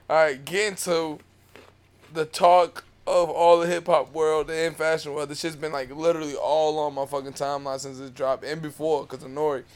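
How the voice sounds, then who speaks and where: A man's voice: on the high side, clear, resonant tone. A man co-hosting a podcast in casual chat, laid-back, cursing and full of slang. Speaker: podcast co-host.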